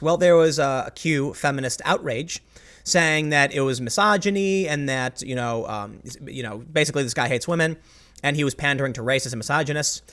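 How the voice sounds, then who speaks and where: A man hosts a rambling, opinionated commentary monologue, often stopping and restarting his sentences and speaking emphatically. His voice is mid-range, brisk and a bit bright.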